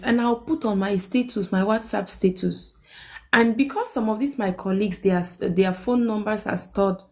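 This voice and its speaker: A young woman, hosting a live stream and telling a personal story in casual chat. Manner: animated, quotes people with big pitch jumps.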